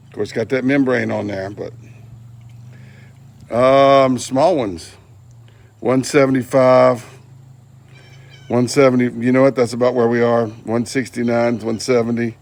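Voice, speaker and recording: A man's voice: mid-range voice, fairly even intonation, a little slow, long pauses, a little mellow. A man demonstrating barbecue at an outdoor grill, with folksy joking asides. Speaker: barbecue channel host. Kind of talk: casual cooking demonstration.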